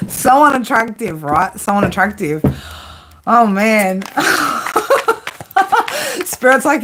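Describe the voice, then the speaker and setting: A woman's voice: a little high, big pitch swings, extremely slow, long pauses, noisy background. A woman giving a casual tarot reading, blunt and profane, often breaking into laughter. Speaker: tarot reader.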